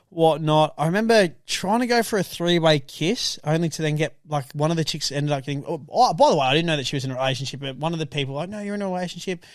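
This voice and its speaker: A young Australian man tells party stories on a podcast with a high, springy voice. His pitch leaps around as he laughs and swears his way through each anecdote. The sound is close and dry. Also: dry recording. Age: young adult. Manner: animated, laughs a lot, swears freely. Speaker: podcast co-host. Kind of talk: casual storytelling chat.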